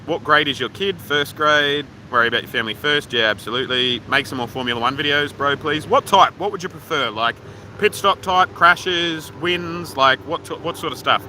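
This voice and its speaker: The recording is low quality, with a little hiss or hum. An Australian man with a medium-pitched, sharp-toned voice hosts a livestream from his phone outdoors at a waterfall park, reading viewer comments while rambling offhandedly and cursing freely.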